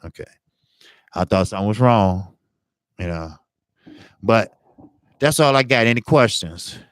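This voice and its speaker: A man's voice: lowish voice, animated, a little slow, no echo. A man hosting a boxing channel, talking casually on a live stream in an earnest, blunt way and repeating himself for emphasis.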